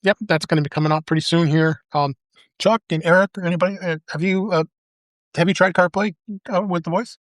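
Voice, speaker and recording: A man's voice: sits high, fairly even intonation, brisk, no echo, clean studio sound. A man hosting a live podcast panel, talking loosely with lots of ums and uhs. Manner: rambling with many fillers. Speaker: podcast host. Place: live event stage.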